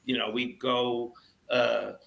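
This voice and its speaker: An older man telling a long anecdote in casual podcast chat, animated and swearing freely as he acts out what people said. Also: medium pitch, slow pace, vocal fry, low-quality recording. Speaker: podcast guest storyteller.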